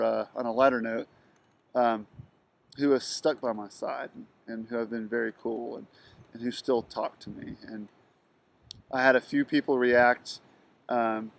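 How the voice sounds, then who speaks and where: Middle-aged man, monotone delivery, halting personal monologue full of restarts. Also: mid-range voice. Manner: halting, with frequent ums and restarts, flat delivery. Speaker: video blogger telling a personal story.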